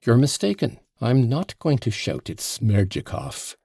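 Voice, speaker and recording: A man's voice: medium pitch, sing-song, measured pace, vocal fry, mellow, slightly rough, dry recording, studio quality, pitched above the performer's own voice, exaggerated voice. A man voicing an agitated, passionate accused man in an audiobook, with heated, emphatic outbursts. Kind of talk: audiobook character voice.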